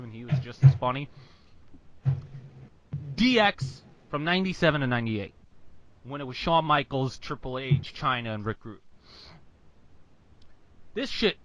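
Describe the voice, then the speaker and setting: A man's voice: mid-range voice, a little hiss or hum. A man co-hosting a wrestling podcast, chatting casually and laughing as he recounts moments. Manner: animated, laughs while recounting. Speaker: podcast co-host. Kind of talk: casual chat. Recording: dull lo-fi audio.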